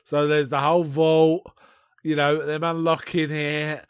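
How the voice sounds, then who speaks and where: A man on a podcast, casually retelling a film in a rambling, animated way with restarts. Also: fairly high pitch, a little slow, smooth, no room sound, studio quality. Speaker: podcast co-host. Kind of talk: casual chat reviewing a film.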